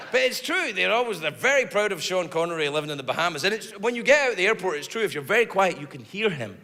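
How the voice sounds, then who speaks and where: A man performing a stand-up comedy routine, telling a story in a profane, animated way and throwing asides to the crowd. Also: high voice. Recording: live in a large hall with audience laughter.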